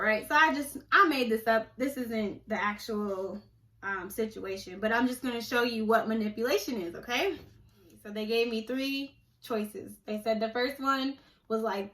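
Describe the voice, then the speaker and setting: Passionate, chatty woman vlogger, higher voice. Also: moderate pace, a bit bright, low-quality recording. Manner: conversational and passionate, rising to indignant outbursts. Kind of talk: casual opinion vlog.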